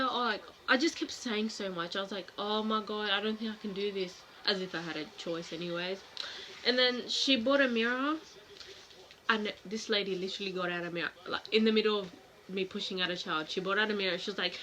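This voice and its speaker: A young woman vlogger frankly telling a personal story to camera in a casual, animated way, acting out what people said. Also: medium pitch, brisk, slight background noise. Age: young adult. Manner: frank, animated, acts out quoted voices.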